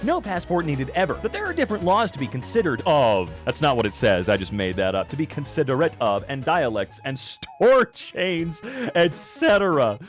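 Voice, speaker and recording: A man's voice: a little high, big pitch swings, moderate pace, faint music behind. An American man reading online posts aloud and mocking them with sarcastic, swearing comments. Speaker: reaction video narrator.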